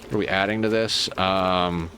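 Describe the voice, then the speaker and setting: A man's voice: deep voice, fairly even intonation, moderate pace, bright, forceful tone, slight background noise. Man muttering through a building game. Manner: muttering to himself while planning. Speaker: streamer. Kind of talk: casual gameplay commentary.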